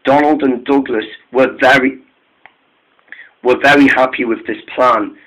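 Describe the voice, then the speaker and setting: A man's voice: mid-range voice, fairly even intonation, fairly bright tone, rough recording. A man narrating a fan-made train story, stumbling and restarting his sentences often. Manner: halting, frequent restarts.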